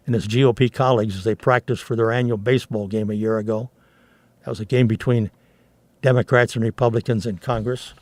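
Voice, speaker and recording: A man delivers commentary on news stories, reading passages aloud and breaking off for sharp asides. His pitch sits in an ordinary middle range. The recording is dry and close, with no room sound. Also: no room sound. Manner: indignant, reads quotes aloud with restarts and asides. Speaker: commentary host.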